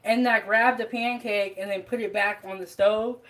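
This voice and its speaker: A woman's voice: mid-range voice, fairly even intonation, normal speed, a bit bright, low-quality recording. A woman hosting her own cooking vlog, chatting casually to viewers while she cooks in her kitchen and laughing often. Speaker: home cook hosting a cooking channel. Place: home kitchen.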